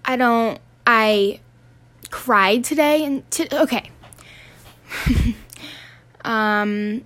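A teenage student podcaster rants casually on her show, exasperated and swearing, rambling and restarting her sentences. Her voice sits on the high side with a slightly bright quality, and she speaks very slowly with frequent pauses.

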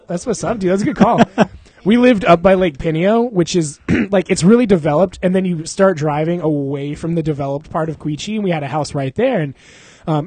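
A man's voice: on the high side, dark tone, husky. A young man co-hosting a podcast in casual chat, rambling, slangy and laughing often. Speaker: podcast co-host.

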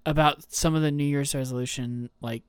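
A man's voice: fairly high pitch, steady tone, a little fast, clear, resonant tone, no room sound, clean studio sound. A man co-hosting a podcast in casual chat, talkative and playful, goofing around with his partner. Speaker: podcast co-host.

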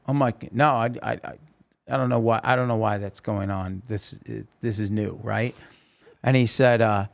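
A man's voice: on the low side, steady tone, normal speed, vocal fry. A man telling his life story as a podcast guest, acting out the voices of people he quotes. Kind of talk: storytelling interview. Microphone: podcast microphone.

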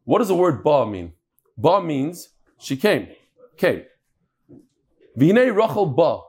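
A man's voice: fairly high pitch, sing-song, takes it slowly, a little mellow, slightly rough. A man, teaching a Talmud class and telling stories with Hebrew and Yiddish terms.

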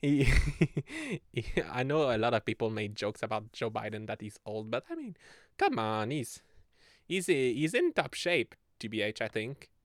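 A man's voice: medium pitch, very animated, measured pace, no echo, studio quality. A man in his twenties hosting a casual solo podcast, rambling and giggling as he talks. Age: 20s. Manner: rambling and giggly, laughing often mid-sentence. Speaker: podcast host.

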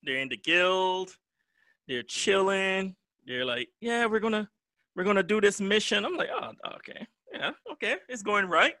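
A man's voice: high-pitched, moderate pace, no room sound. A young man co-hosting an anime podcast, chatting casually and acting out his friends with laughter. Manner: animated, laughing, acts out quoted friends. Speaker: podcast co-host. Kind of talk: casual chat.

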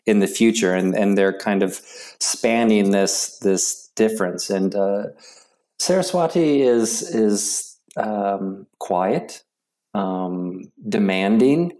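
A middle-aged man, a guest in an interview, telling stories haltingly with many restarts and fillers. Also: lowish voice, dark tone. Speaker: interview guest, yoga practitioner. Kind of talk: casual storytelling interview.

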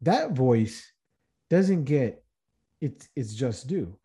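A man's voice: medium pitch, big pitch swings, drawn-out words, dark tone. A man hosting a podcast, speaking in an earnest motivational monologue with rhetorical questions and frequent restarts. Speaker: podcast host.

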